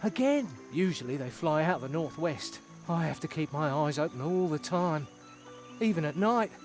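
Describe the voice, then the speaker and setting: A worn-out animal guard who grumbles about his extra shifts and barks when someone comes near, as a man plays him. The voice sits high for a man, and he drags his words with sleepy, complaining weariness. Soft game music hums faintly behind him. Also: expressive, normal speed, lightly acted. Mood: weary. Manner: drowsy, complaining, sudden sharp outbursts. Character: weary male animal town guard, overworked and grumpy. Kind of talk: video game dialogue.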